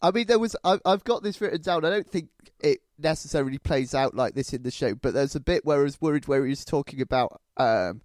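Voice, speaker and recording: A man's voice: on the high side, fast talker, hardly any pauses, darkish tone. A man hosts a podcast in casual conversation. He talks hesitantly, with dry, self-deprecating humour. His voice is recorded very dry, with no room echo. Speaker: podcast host. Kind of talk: casual chat.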